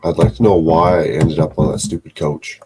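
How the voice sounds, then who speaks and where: Speaking at normal speed in an extremely low, flat voice, a man streams live from home while building sets. He rambles, swears, and talks to himself in casual chatter with his viewers, over background noise.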